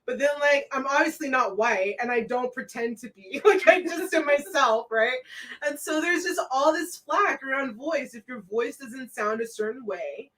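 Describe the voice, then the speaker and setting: A podcast host from Colorado, USA, talks animatedly in casual conversation, laughing and swearing freely. Her voice is high and fairly bright at a normal speed, but she sits far from the mic and the audio is poor.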